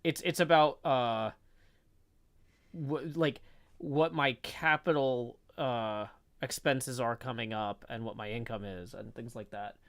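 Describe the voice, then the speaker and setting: A man's voice: medium pitch, fairly even intonation, takes it slowly, a bit bright. A man chatting casually on a livestream, rambling a little and laughing at himself. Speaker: streamer and co-host.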